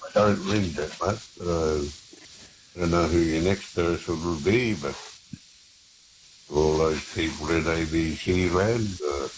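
An older man calling in to a radio show, speaking slowly and haltingly with gentle blessings. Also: low-pitched. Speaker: caller. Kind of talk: phone-in call. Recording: phone line with faint hiss.

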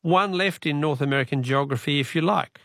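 A man's voice: a little high, a little fast, a bit bright, no echo, clean studio sound. An Australian man hosting a talkback radio quiz, chatty and matey, reading out listener texts.

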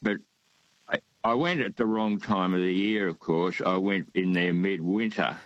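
A man's voice: deep voice, moderate pace, no room sound, dull audio. Older man calling in. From Australia. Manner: hesitant, rambling, many fillers. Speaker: radio caller. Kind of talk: casual phone-in chat.

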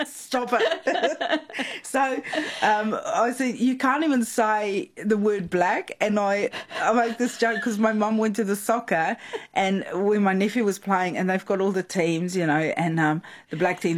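A woman with a South African accent, chatting as a guest and telling anecdotes. Her voice sits at an ordinary middle pitch for a woman. She jumps into the voices of the people she quotes and laughs often as she talks. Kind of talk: conversational storytelling.

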